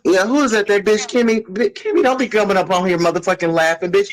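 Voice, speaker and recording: A woman vlogger telling stories in a casual, profane rant that bursts into shouting. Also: mid-range voice, fast, a little hiss or hum, rough recording.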